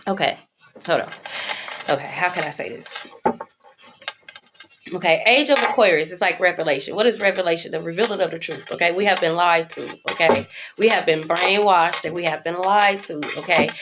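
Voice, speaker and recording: A woman's voice: on the low side, brisk, very noisy. Blunt, profane woman tarot reader. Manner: blunt, profane and emphatic, repeating "okay?". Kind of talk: spiritual channeled message.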